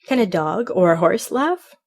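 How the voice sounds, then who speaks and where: A woman's voice: lowish voice, lively intonation, moderate pace. A woman voicing a male canary who speaks in a dreamy, lyrical, yearning way about his lost home. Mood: wistful.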